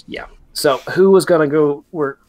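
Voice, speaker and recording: A man's voice: a little high, moderate pace, darkish tone, no room sound. A man narrating as game master in a tabletop game, talking loosely with many fillers and restarts.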